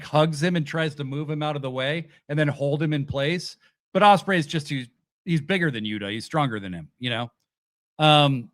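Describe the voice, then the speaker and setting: A man hosting a casual wrestling review chat, animated and swearing casually as he retells events. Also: fairly high pitch, no echo, clean studio sound. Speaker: podcast host.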